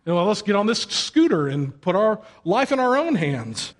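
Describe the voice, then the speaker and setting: A man delivers a conversational sermon in a slightly high voice. He talks casually and jokes as he tells the story. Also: moderate pace. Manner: casual, joking, animated storytelling. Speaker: pastor.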